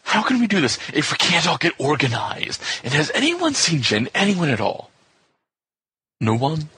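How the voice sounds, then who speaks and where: A man doing a husky fretting organizer. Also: fairly high pitch, wildly swooping pitch, moderate pace, pushed and bright, voice pushed up, exaggerated voice.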